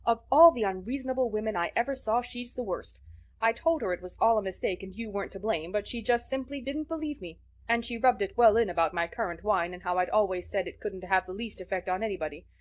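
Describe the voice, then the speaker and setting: A woman voicing a stern, practical older woman who scolds in a brisk, sharp way. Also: medium pitch, lightly acted. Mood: exasperated.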